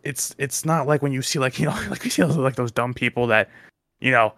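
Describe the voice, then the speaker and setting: A man's voice: medium pitch, a little fast, vocal fry, a bit bright, no room sound, clean studio sound. A young man co-hosting a casual podcast chat, rambling and restarting his sentences often. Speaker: podcast co-host.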